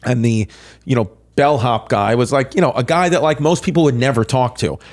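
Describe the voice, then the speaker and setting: A man's voice: mid-range voice, a little fast. A middle-aged man hosting a podcast, chatting loosely and telling stories with lots of fillers. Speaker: podcast host. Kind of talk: casual chat.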